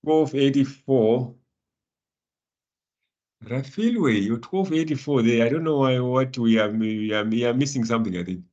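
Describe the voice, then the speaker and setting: A man's voice: mid-range voice, animated, measured pace, a little mellow, lo-fi sound. A man teaching a live online finance class, encouraging students by name and laughing often. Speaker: lecturer.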